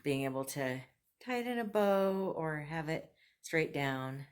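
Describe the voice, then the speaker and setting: Low-voiced chatty woman vlogger. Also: animated, a little slow. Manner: chatty and enthusiastic, laughs often. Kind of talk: casual thrift haul and try-on chat.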